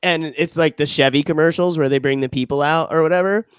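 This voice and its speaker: Clear-voiced man in casual podcast chat. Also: a little high, fast talker, dry recording, studio quality. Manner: profane, laughing, animated retelling with quoted voices. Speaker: podcast co-host.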